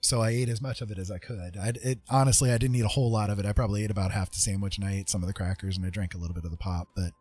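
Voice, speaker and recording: A man's voice: on the low side, fairly even intonation, very fast, hardly any pauses, a little mellow, soft background music. A man hosting a casual livestream chat, talking in an earnest, rambling way with lots of fillers, teary and with his eyes burning. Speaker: livestream host.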